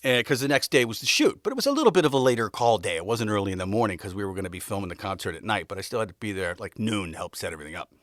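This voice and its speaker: Animated, laughing male storyteller. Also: on the low side, racing, few pauses, no room sound, clean studio sound. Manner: laughs often, loose and candid, rambling asides. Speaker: podcast host. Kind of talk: casual anecdotal storytelling.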